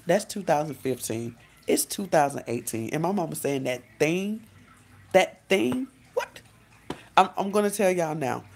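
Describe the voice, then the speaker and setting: A woman life coach talking straight to her viewers in a casual vlog, chatty and animated, often saying "literally" and "y'all". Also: low-pitched. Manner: frequent "literally" and self-corrections.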